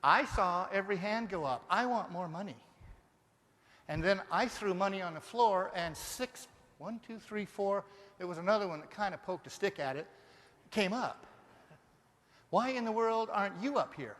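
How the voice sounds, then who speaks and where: A man from Denver giving a live motivational seminar, energetic and firing rhetorical questions at the audience. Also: high-pitched, normal speed. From Denver, Colorado. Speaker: motivational speaker. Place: large seminar hall. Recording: long reverb of a live hall.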